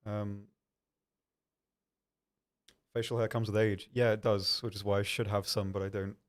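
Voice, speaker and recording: A young man with a somewhat low voice hosts a live stream in a loose, chatty way. He reads viewer questions aloud and answers them with plenty of ums and a self-deprecating streak. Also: level tone, measured pace. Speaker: stream host answering chat. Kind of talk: casual live-stream chat.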